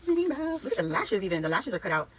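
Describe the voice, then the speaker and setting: A woman vlogger chatting casually as she unboxes a craft gift, gushing with excited exclamations. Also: fairly low pitch, racing, very noisy. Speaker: craft vlogger opening mail.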